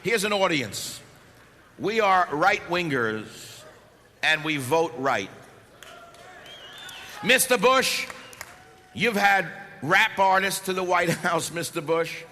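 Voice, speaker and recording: Brief: sarcastic male talk host, very lively pitch, hollering to a crowd in a big reverberant hall. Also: slow. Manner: impassioned, sarcastic, shouting at times. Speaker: talk radio host speaking to a live audience. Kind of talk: fiery political speech. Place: large hall before a live audience. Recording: echoey hall with faint background noise.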